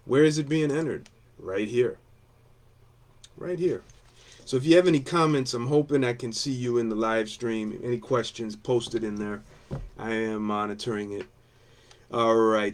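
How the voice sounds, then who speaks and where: A man's voice: medium pitch, a little mellow. A man, a union steward, giving a blunt, combative campaign talk to coworkers, repeating his points between fillers.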